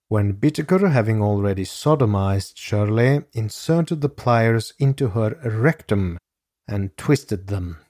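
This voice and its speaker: A low-pitched man narrates true crime from a script, slow and measured. His voice sits close and dry to the microphone, each sentence delivered with grave weight. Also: a little mellow, no echo. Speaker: podcast host.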